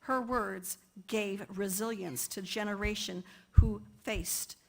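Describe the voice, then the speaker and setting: A woman's voice: medium pitch, fairly even intonation, takes it slowly, creaky. A woman poet giving an earnest talk in a church, now and then stumbling over words. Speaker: lay speaker and poet.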